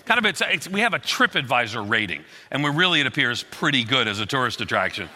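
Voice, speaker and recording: A man's voice: mid-range voice, fast talker, big-room sound, slight background noise. A middle-aged man preaching a sermon as a pastor, telling stories with acted-out quotes. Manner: animated storytelling with acted quotes.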